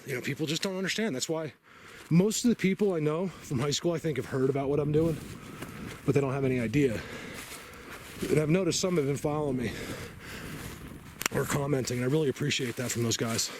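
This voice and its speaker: A man's voice: a little high, fairly quick. A man from New Jersey rambling casually as he films a walk through mountain woods, joking and talking to his viewers. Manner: rambling, chatty, joking asides. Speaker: bigfoot researcher vlogger. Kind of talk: walking vlog narration. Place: outdoors in mountain woods and a cave. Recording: noisy outdoor ambience.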